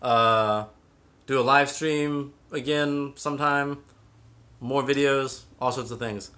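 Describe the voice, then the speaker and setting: A man's voice: mid-range voice, fairly even intonation, slow pace, pushed and bright. A young man hosting a casual live stream about cats, chatting and reading out viewer comments. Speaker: cat channel host.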